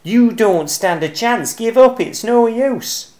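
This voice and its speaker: A man voicing a greedy male squirrel in a storybook reading, with a shrill, shouty manner. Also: animated, slow, roomy sound. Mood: shouting.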